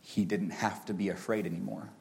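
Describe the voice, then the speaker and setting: A man in his thirties with a fairly low voice preaches a sermon. He climbs to loud, high peaks, then drops to a soft, hushed delivery. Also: fairly even intonation, fairly quick, gravelly, slight background noise. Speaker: pastor.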